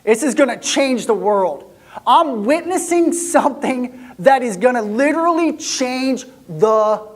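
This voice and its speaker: Using an extremely high pitch, a man acts out an excitable young shepherd in a church monologue told in the first person. He's chatty and lively before falling to a hush.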